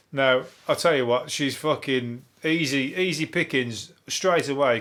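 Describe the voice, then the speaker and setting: A man from Birmingham with a Brummie accent, hosting a solo comedy podcast, riffing on the news in a deadpan, sweary, rambling way. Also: medium pitch. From Birmingham, England.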